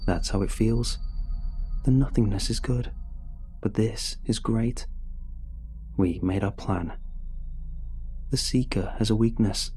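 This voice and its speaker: A man narrating a first-person horror story in a measured, even storytelling manner. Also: lowish voice. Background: faint music.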